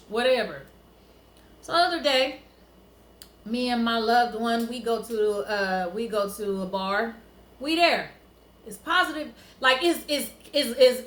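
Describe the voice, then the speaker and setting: A woman casually telling a personal story to camera, animated and emotional, laughing often. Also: high voice, reverberant.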